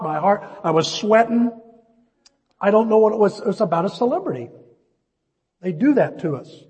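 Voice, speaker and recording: Husky high-voiced preacher in a hall. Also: male voice. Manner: storytelling, animated, addresses listeners as folks. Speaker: pastor. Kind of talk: sermon with personal story. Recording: long reverb of a large hall.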